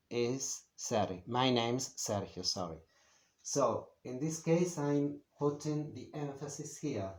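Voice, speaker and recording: Standing at the board in a large room with echo, a man teaches beginners Spanish in a slow, patient way, full of pauses and filler words. His voice is mid-range and very animated.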